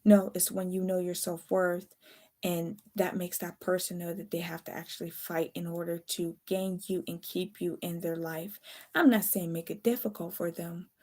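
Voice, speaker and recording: A woman's voice: on the low side, mellow. A tired woman giving a casual, late-night tarot reading, chatty and candid, swearing now and then. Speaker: tarot reader.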